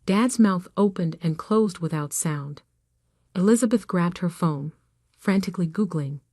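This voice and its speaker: A woman reading a first-person story as scripted narration, in a measured, even way. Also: on the low side, dry recording, clean studio sound.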